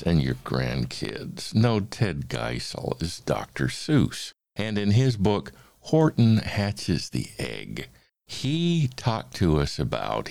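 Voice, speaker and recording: A man hosting a talk who reads a children's book aloud in a measured, expressive way. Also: low voice, creaky, dry recording. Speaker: host and reader. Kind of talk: reading a picture book aloud.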